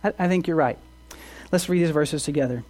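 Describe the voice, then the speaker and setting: A man's voice: a little high, fairly quick, a little mellow. Earnest preaching pastor, man. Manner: earnest, asks rhetorical questions, repeats words when restarting. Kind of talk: sermon.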